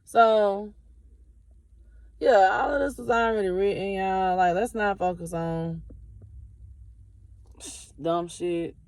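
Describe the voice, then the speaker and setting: A woman's voice: medium pitch, fairly even intonation, takes it slowly, long pauses, no echo. Woman hairstylist, casual vlogger, candid and chatty, occasional swearing, dry close mic. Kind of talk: casual talk to camera.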